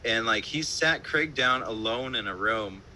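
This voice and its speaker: Bright-voiced man telling casual band stories. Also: medium pitch, animated, measured pace, slight background noise, low-quality recording. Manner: loose, profane storytelling with frequent laughs and fillers. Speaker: band musician, interview guest. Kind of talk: casual interview chat. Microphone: remote live-stream call.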